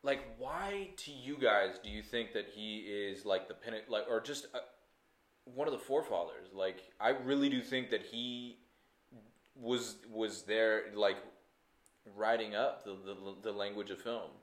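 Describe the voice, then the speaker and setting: A man hosting a casual podcast chat, enthusiastic and quick to laugh. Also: fairly low pitch. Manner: enthusiastic, laughs often, restarts and fillers. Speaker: podcast host. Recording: echoey room.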